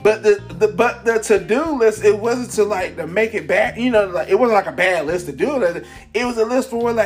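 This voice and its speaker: A man hosting a casual, upbeat motivational talk, rambling excitedly with lots of fillers. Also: high-pitched, moderate pace, soft background music. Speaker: podcast host. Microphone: camera mic.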